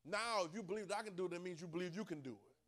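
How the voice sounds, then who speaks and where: Dialect-speaking preacher swinging from soft to loud. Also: male voice, high voice, expressive, racing. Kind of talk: sermon.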